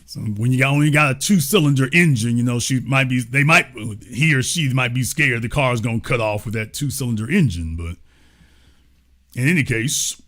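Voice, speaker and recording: Male livestream host, mid-pitched, sarcastic and mocking delivery. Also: normal speed, fairly bright tone. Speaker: show host. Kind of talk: livestream political commentary.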